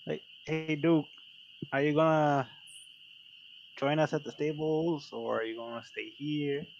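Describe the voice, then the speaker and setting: A man's voice: on the high side, fairly even intonation, a little slow, gravelly. A man playing in a tabletop game, easygoing and matter-of-fact. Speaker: player. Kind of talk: tabletop role-play. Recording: dull lo-fi sound.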